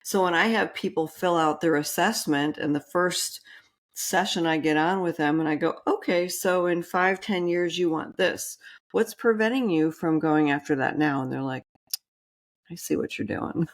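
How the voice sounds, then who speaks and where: A woman business coach chatting casually on a podcast, rambling with quick restarts and asides. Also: fairly low pitch.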